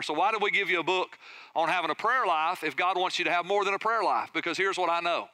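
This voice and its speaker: A middle-aged pastor preaching with lively storytelling, his voice high for a man and very bright and ringing. He sounds crisp and clean, close and dry with no room around him, and he keeps turning to the congregation with questions. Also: dry recording. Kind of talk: sermon.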